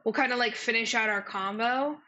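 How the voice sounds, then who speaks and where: A woman game master with a bright, forceful voice, talking in loose slang and breaking into laughter. Her voice sits a little high, with a faint hiss of noise behind it. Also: fairly quick, dull audio. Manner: slangy, animated, laughs often. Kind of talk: casual out-of-character chat.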